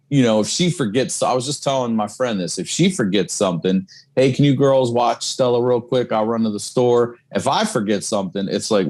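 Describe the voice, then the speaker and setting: Candid, low-voiced man in casual chat. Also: a little mellow. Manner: candid, swears freely. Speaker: podcast guest; comedian and single dad.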